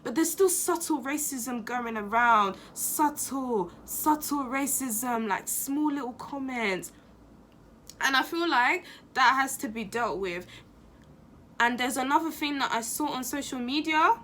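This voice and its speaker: A woman's voice: high-pitched, animated, measured pace, fairly bright tone, a little hiss or hum. A young woman talking in a casual opinion vlog, impassioned and emphatic, repeating phrases for stress. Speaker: vlogger.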